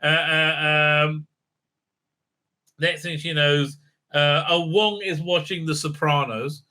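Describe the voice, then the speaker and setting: A man with a very bright, ringing voice and a slightly raised pitch talks through a casual recap and review. He digresses often and is sarcastic, and he fills gaps with plenty of hesitant sounds. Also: steady tone, slow. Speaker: YouTube reviewer.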